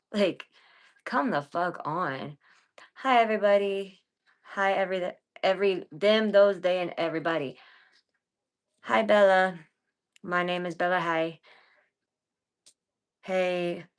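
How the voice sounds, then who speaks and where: Blunt, profane woman ranting on a livestream. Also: fairly low pitch. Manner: blunt, profane, rambling, talks straight to chat; swings between quiet muttering and loud bursts. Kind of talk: casual livestream rant.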